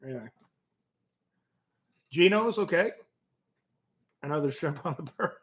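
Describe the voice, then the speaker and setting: Chatting casually with his livestream viewers and reading their comments, a Canadian man rambles through stories with lots of restarts. He speaks at a normal speed in a slightly high voice, and the audio is dull lo-fi stream sound.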